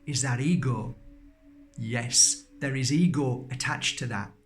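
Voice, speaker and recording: A man's voice: medium pitch, takes it slowly, a little hiss or hum. A middle-aged man giving a spiritual workshop talk, emphatic, at times acting out anxious little voices. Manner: emphatic, acts out little voices of worry and exclaims.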